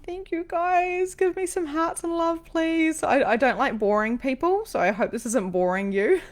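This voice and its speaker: A woman hosting a livestream as a psychic medium, telling a personal story in an emotional, rambling way with lots of ums and restarts. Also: medium pitch.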